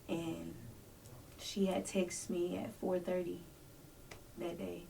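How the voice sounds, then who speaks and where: A woman's voice: fairly low pitch, level tone, a little slow, creaky, long pauses, distant mic, background noise. A woman telling a personal story as a podcast guest, acting out voices and dropping to near whispers.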